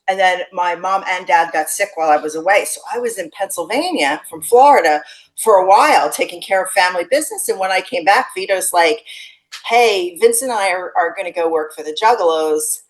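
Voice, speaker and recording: A woman in her forties, a podcast guest chatting casually, telling her stories with lively acted-out quotes. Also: fairly low pitch, fairly quick, rough recording. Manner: animated storytelling, acts out quotes. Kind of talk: casual interview chat.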